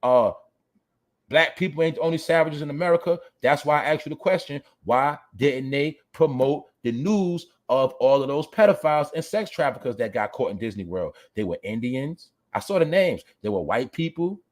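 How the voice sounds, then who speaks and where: A man hosting a livestream show rants bluntly and profanely at his viewers, talking straight to them, reading the chat, and getting preachy. His voice is a little high and animated, at a moderate pace.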